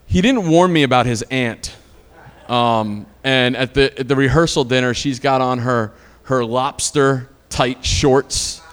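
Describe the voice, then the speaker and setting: A man's voice: a little high, clean tone. A man preaching a sermon as a pastor, telling stories conversationally and building to emphatic peaks. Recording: long hall reverb.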